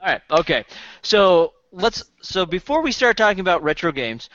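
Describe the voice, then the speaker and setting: A man's voice: sits high, very animated, normal speed, fairly bright tone, dry recording, muffled recording. A man hosting a casual podcast chat, hesitant and often repeating words. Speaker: podcast host.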